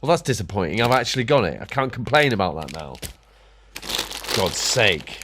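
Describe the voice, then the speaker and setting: Grumbling man, lively pitch. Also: moderate pace, background noise. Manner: grumbling, sarcastic, mutters to himself. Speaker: vlogger. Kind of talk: casual ranting monologue.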